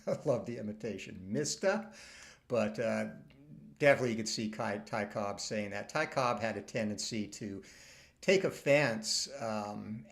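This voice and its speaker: Halting, gravelly male host. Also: lowish voice. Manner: halting, filler-heavy, enthusiastic. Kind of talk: casual commentary.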